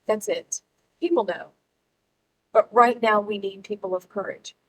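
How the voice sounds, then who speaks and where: A middle-aged woman speaking to a live crowd, emphatic and rallying, with pauses for effect. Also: mid-range voice, steady tone, fairly bright tone, slightly rough, poor audio. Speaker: speaker at a political gathering. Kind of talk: public speech to a live audience.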